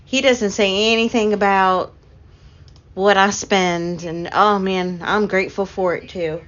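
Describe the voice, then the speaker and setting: A woman's voice: medium pitch, fairly even intonation, a little slow. Chatty woman on a stream. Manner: chatty, laughs often, talks to chat. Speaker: livestream host. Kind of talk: casual live-stream chat. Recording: dull lo-fi stream audio.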